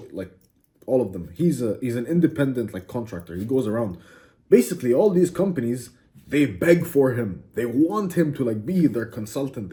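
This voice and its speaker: A man's voice: medium pitch, mellow. A man hosting a self-improvement video, delivering a brash, crude and mocking motivational monologue.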